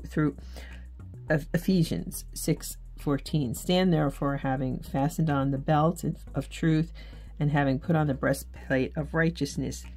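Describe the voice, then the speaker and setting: Woman faith vlogger, deep voice, sincere and candid, talks casually and corrects herself as she goes. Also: vocal fry, a little mellow. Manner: earnest, candid, self-correcting. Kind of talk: casual devotional vlog talk.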